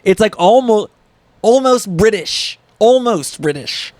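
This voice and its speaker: A boastful bald alpha-male millionaire, as a man puts him on, voiced high and bouncy with wide leaps in pitch. The take is halting and keeps cracking with laughter, recorded dry and close. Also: animated, darkish tone, no echo. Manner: halting, laughing, botched impression. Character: bragging bald tough-guy celebrity, man.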